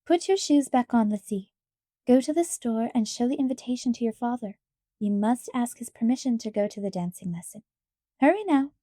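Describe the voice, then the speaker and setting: A kindly mother gives gentle but firm instructions, voiced by a woman reader. The tone is dark and mellow, with a close, dry sound. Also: on the high side, animated, fairly quick, no room sound. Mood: gently firm.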